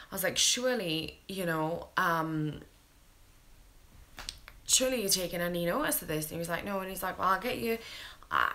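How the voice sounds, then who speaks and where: Low-voiced British woman telling a blunt story. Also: sharp tone. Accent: British English. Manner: blunt, candid, swears freely. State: tired. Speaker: mother telling her baby's story. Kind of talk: casual storytelling to camera.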